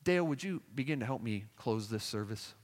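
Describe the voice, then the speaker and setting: A man's voice: medium pitch, lively intonation, a little fast, in a large hall. A man preaching a revival sermon at a camp meeting, fervent and pleading, repeating his appeals. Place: large tabernacle.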